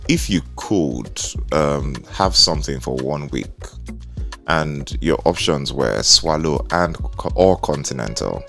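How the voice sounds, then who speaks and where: Nigerian male radio host, very deep gravelly voice that swings widely, playful and teasing. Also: expressive, slow pace, fairly bright tone, soft background music. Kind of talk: casual radio interview.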